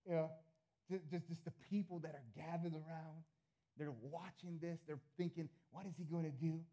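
Emphatic high-voiced preaching pastor. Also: male voice, fairly even intonation, normal speed, warm tone. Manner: emphatic preaching, voice swelling and dropping, asks congregation for amens. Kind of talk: sermon. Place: church.

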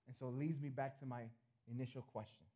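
Earnest pastor with a mellow voice. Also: male voice, medium pitch, level tone, fast. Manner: earnest, repeats phrases, swings between loud appeals and soft asides. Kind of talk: sermon.

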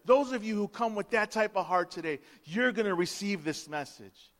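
High-voiced preacher guy, gets quiet then loud, big echoey hall. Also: fairly quick, few pauses. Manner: impassioned, swings from hushed to loud, acts out quotes. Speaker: pastor. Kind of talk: Easter sermon. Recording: long hall reverb.

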